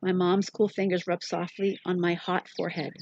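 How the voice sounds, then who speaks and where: A woman narrates an audiobook in a measured, reflective way, her voice low and husky. The recording is dull and muffled in tone, with a dry, close sound. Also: flat delivery, a little mellow. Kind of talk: scripted first-person narration.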